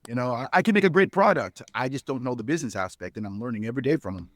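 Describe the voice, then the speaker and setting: A man's voice: mid-range voice, lively intonation, very fast, dry recording. A middle-aged man, a podcast guest, telling a long anecdote casually, full of fillers and restarts and acting out the people he quotes. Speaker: podcast guest, spirits company founder. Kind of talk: casual storytelling interview.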